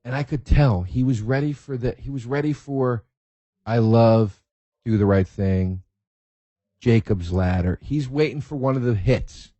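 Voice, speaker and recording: Excitable, profane man on a podcast. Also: medium pitch, a little slow, no echo, highs cut off. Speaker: podcast host. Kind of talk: casual monologue.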